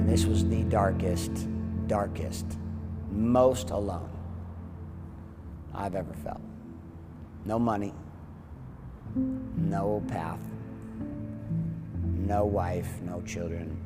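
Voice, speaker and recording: A man giving earnest, confessional documentary testimony about his own life. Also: on the low side. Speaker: speaker sharing his story. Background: loud music score.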